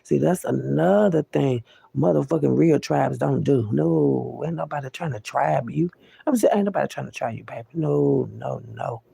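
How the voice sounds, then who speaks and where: A woman's voice: a bass voice, normal speed, gravelly, mellow, slightly rough, no echo. A woman delivering an unscripted monologue rant to the camera, profane and preachy, with repeated words for emphasis, often calling listeners "baby.". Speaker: vlogger.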